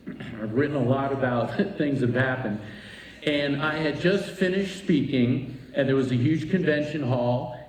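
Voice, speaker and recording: At a retreat, a man from the East Coast of Florida tells a personal story to a live audience, animatedly acting out the voices of the people in it. His voice is medium-pitched, and the echoey recording catches him from a distance with a slight hiss or hum.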